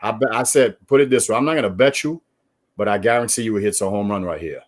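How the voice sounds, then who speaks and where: A man from New York, a former baseball player, telling animated, profane stories in casual chat. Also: fairly low pitch, fast talker. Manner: animated, profane, storytelling with quoted voices.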